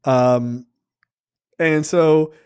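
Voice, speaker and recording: Male podcast co-host, 40s, slightly high voice, rambling and profane, casual review chat. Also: fairly even intonation, extremely slow, a little mellow, clean tone. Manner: loose and profane, with many fillers and acted-out quotes.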